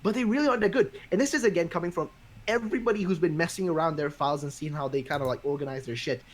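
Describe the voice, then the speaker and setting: Fast-talking, swearing male podcast host. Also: on the high side. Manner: profane, ranting, animated. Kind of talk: casual chat.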